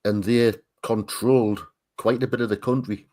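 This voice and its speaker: A man with a Northern English accent from Tyne and Wear talks in a relaxed group chat. His voice sits on the low side, and he often stops and repeats himself as he reaches for the next word. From Northern England. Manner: halting, repeats words while searching for them. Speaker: art stream co-host. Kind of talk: casual group chat on a livestream.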